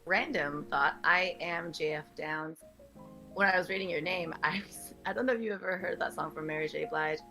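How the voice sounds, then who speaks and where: A woman co-hosting a morning gaming stream, playful and giggly, with an early-morning voice that isn't warmed up yet, speaking into a headphone mic. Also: lowish voice, moderate pace, soft background music. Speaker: morning show co-host. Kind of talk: casual chat.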